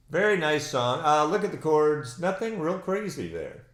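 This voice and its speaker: A man hosting a casual online ukulele play-along. He talks in a chatty, encouraging way and fills pauses with ums and uhs. His voice echoes in the room over faint ukulele playing. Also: on the high side, big pitch swings, a bit bright, soft background music. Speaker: ukulele teacher and host. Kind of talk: casual live online lesson. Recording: roomy echo with ukulele playing.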